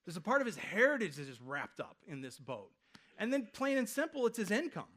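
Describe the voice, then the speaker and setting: A man's voice: sits high, sing-song, brisk, fairly bright tone. A man in his thirties, a pastor preaching a sermon from a church stage, in a loose conversational way full of rhetorical questions. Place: church stage before a congregation.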